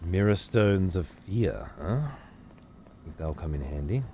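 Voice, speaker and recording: A man's voice: low voice, animated, a little slow, warm tone, faint music behind. A man streaming a game, chatting casually and swearing freely while answering his chat. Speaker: let's play streamer. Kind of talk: casual gameplay commentary.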